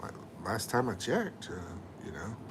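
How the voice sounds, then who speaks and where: A man's voice: fairly low pitch, sing-song, normal speed, background noise. A middle-aged man, chatting casually on a livestream and reading viewer comments aloud with jokes. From USA. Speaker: livestream host.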